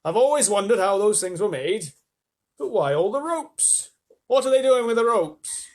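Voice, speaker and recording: A man reading a storybook aloud, voicing a grumpy male centipede who talks loud and sharp. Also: sits high, sing-song, moderate pace, pitched above the performer's own voice. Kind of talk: children's storybook read aloud.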